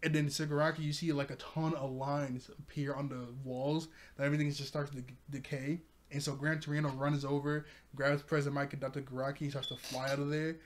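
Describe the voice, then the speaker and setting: A man's voice: on the high side, flat delivery, brisk, hardly any pauses, a little hiss or hum. A man casually recapping an anime episode at home in front of a TV, rambling, often laughing and correcting himself. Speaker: anime reviewer. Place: room with a TV.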